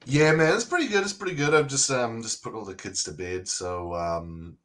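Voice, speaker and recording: Casting: man from New Zealand with an American-sounding accent, friendly, mid-pitched casual chatter. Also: animated, moderate pace, a bit bright. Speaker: stream guest. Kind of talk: casual chat.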